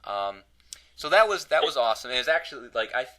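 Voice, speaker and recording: New guy hosting a podcast, bright tone, rambles on and pokes fun at himself. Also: mid-range voice, sing-song, fast, rough recording. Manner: rambling storyteller, self-deprecating. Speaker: podcast host. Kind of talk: casual podcast chat.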